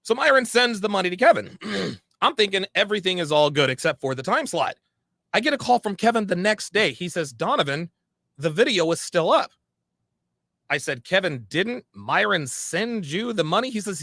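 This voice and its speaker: A man's voice: sits high, expressive, moderate pace, bright, forceful tone, no echo, clean studio sound. A man telling a story about a past dispute, emphatic and full of repeated phrases and restarts. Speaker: podcast guest recounting a story. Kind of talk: animated storytelling.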